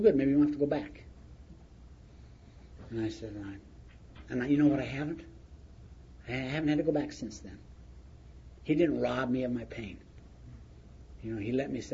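A middle-aged man sharing his recovery story in a plain-spoken, storytelling way with chuckles. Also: medium pitch. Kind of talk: recovery meeting share. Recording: muffled lo-fi recording with faint noise.

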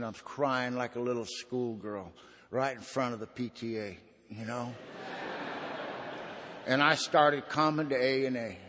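A man tells his recovery story to a meeting in a drawling, slangy, folksy way. His voice sits at a middle pitch and rises loud, then drops to a hush. A long hall reverb trails behind every word. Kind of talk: personal testimony talk.

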